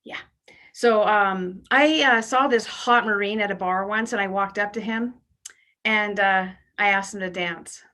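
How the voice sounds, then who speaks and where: A woman's voice: medium pitch, a little slow, pushed and bright. A woman in her fifties doing a stand-up routine, brash and self-deprecating with bawdy punchlines. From Canada. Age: 50s. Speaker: stand-up comedian.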